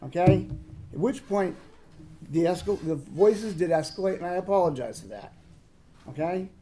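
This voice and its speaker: A man's voice: high voice, lively intonation, moderate pace, noisy background. A man on a town board giving an unscripted, rambling account of events in his own defense, often asking "okay?" and retelling conversations. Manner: rambling, repeats "okay?", retells quoted exchanges. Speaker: board member defending himself. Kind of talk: unscripted account at a public meeting. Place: town board meeting room.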